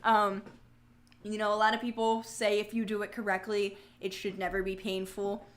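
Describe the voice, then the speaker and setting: A woman's voice: mid-range voice, monotone, moderate pace. A young woman talks casually to her livestream audience from home. She chats easily, reads out viewer comments and answers them with jokey asides and laughter. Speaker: livestream host.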